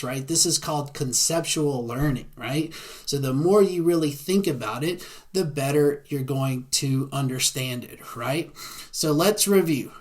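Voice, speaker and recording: A man with a Southern American accent giving a beginner lecture, often checking in with a quick "right?". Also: fairly high pitch. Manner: frequent tag "right?". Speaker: Spanish teacher. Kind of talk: classroom lecture.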